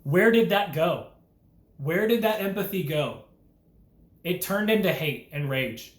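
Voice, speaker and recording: A man's voice: a little high, roomy sound. A young man delivering an impassioned, earnest preaching monologue as a Christian vlogger, urgent and full of rhetorical questions.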